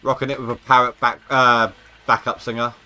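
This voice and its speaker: A man's voice: mid-range voice, level tone, a little fast, sharp tone, slight background noise. A man streaming a video game live, chatting casually and joking as he thinks aloud about his progress. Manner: rambling, jokey, thinking aloud. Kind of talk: casual gameplay commentary.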